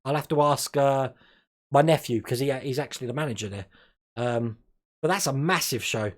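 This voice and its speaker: A man from Australia runs a relaxed live stream in an easy, rambling chat. He laughs a lot, stumbles over longer words and carries on cheerfully, his voice sitting at an ordinary middle pitch. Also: moderate pace. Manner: chatty, laughs often, trips over words.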